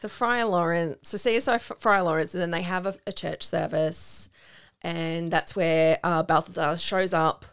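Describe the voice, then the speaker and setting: A woman's voice: on the low side, fairly even intonation, moderate pace, smooth. A woman co-hosting a casual podcast, recounting a film's plot with chatty asides. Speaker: podcast co-host. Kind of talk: casual film discussion.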